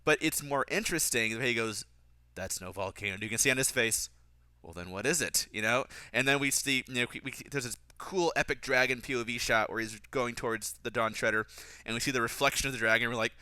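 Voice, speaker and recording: A man's voice: steady tone, quick pace, pushed and bright, clean tone, no echo. A man giving casual film commentary, critical of the script and mocking its lines. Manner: critical, mocks dialogue in a higher voice.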